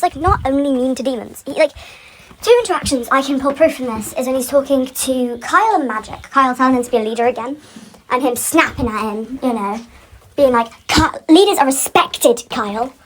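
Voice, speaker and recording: A woman's voice: on the high side, slight background noise, low-quality recording. A woman on a casual, rambling rant about a fan series, full of tangents and frequent laughter. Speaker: fan commentator.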